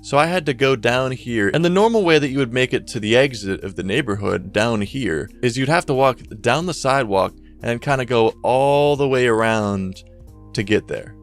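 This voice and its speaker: A young man telling a story in a casual, rambling way, full of slang and swearing. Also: medium pitch. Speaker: YouTuber storyteller.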